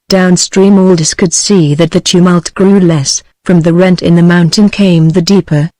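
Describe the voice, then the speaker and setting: A synthetic text-to-speech voice of a woman with a British English accent, narrating a novel in a steady, even, machine-like delivery. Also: on the low side, no echo, rough recording. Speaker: audiobook narrator.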